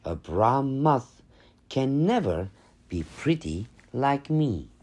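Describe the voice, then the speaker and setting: A man's voice: mid-range voice, big pitch swings, slow pace, a little mellow, voice pushed up. A man voicing a vain, boastful male monarch butterfly in a storybook reading, with a smug tone.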